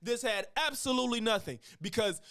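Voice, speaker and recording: A man reacting to a podcast on a live stream, talking with a high, lively voice. He thinks out loud, stops and restarts, and uses a lot of slang. His tone is casual and relaxed throughout. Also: brisk, gravelly, clear, resonant tone, dry recording, clean studio sound.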